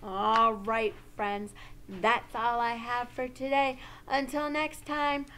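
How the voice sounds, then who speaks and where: A woman teaching a social-emotional lesson to young children in a slow, sing-song, exaggerated teacher voice. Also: fairly high pitch, flat delivery, pushed and bright, a little hiss or hum.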